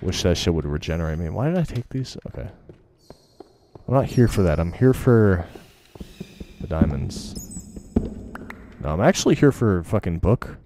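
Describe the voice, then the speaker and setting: Gravelly low-voiced man swearing through gameplay. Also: sing-song, fairly quick, dark tone, slight background noise. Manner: profane, rambling, self-mocking. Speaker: gaming video host. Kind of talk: casual game commentary.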